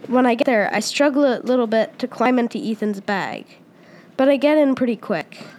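A woman reading a first-person story aloud as its storyteller, pausing and restarting often with repeated words. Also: a little high, lively intonation, darkish tone, a little hiss or hum.

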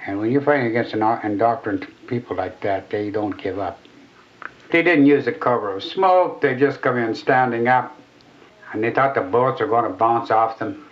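A man's voice: mid-range voice, normal speed. An older man, a war veteran, recalling events in a plain-spoken, blunt way. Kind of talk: recollection in interview. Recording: muffled lo-fi radio recording.

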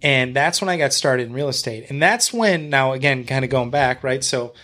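Man swearing through a lively story. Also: medium pitch, moderate pace. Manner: animated storyteller who acts out what people said, swears freely. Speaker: podcast guest. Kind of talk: casual podcast conversation.

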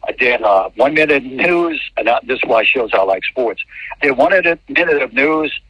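A man's voice: medium pitch, animated, moderate pace, dry recording. A man from New Orleans who works as a TV sportscaster tells a story in an interview, rambling and often restarting his words. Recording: dull lo-fi, dry.

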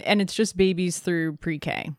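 A woman's voice: lowish voice, steady tone, unhurried, a little mellow, no echo, clean studio sound. A woman in her thirties co-hosting a podcast, chatting casually and laughing often. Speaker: podcast co-host. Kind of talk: casual chat.

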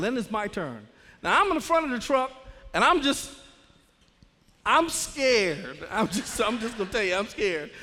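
A man, an assistant principal telling a funny, dramatic story in church, laughing as he goes. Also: high-pitched. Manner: animated, laughing, dramatic retelling. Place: church sanctuary. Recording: echoey church hall.

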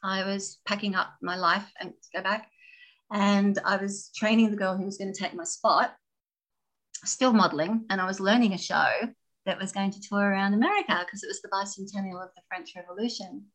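A middle-aged woman recalls her dancing days as an interview guest, talking in a casual, animated way. She laughs easily, sometimes acts out voices, and her pitch sits in the usual middle range. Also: brisk, low-quality recording. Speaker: interview guest, former dancer. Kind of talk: casual storytelling.

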